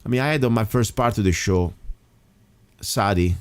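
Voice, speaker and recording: Emphatic talk radio host, lowish voice. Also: male voice, normal speed, clean tone, no echo. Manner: emphatic, rambling with restarts. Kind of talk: casual talk radio monologue.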